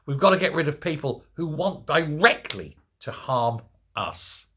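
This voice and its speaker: Indignant man, bright and husky. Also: fairly high pitch, animated, unhurried. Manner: indignant, sarcastic. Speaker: political commentator. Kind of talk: ranting monologue.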